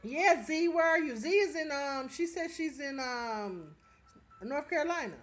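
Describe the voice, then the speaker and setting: A woman's voice: high-pitched, expressive, a little slow, soft background music. A middle-aged woman, chatting casually on a livestream, reading viewer comments aloud and often laughing as she talks straight to her viewers. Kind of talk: casual live chat.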